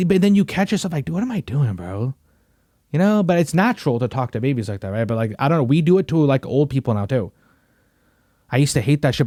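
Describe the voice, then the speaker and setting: A young male podcast host chats casually, rambling in slang and peppering his talk with "bro" and "you know what I mean." His voice sits at a medium pitch with a darkish tone. The studio recording is clean, with no room sound.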